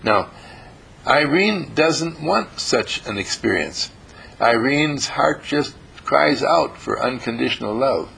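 Gravelly man giving a slow spiritual talk. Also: mid-range voice, a bit bright, poor audio. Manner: slow, emphatic and repetitive. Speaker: spiritual teacher.

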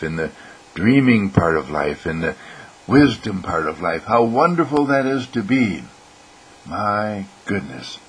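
An older man giving an inspirational monologue, animated and playful, acting out other people's voices. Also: medium pitch, poor audio. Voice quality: gravelly, husky. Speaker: motivational speaker.

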